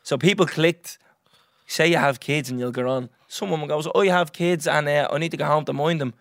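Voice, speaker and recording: A young Irish man hosting a podcast, telling a story in a lively, swearing, casual way and acting out what others said. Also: fairly high pitch, brisk, vocal fry, no room sound, studio quality. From Ireland. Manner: animated, swears freely, acts out others' lines. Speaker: podcast host.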